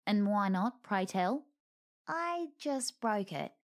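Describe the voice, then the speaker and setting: A woman's voice: mid-range voice, very animated, slow pace. Woman doing a dry, dogged male wizard.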